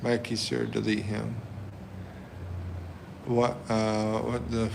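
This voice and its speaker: Slow-talking man chatting on a livestream. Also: fairly low pitch, creaky, noisy background. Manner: chuckles often, reads chat aloud, slow and relaxed. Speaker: livestream host. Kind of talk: casual live chat reading comments.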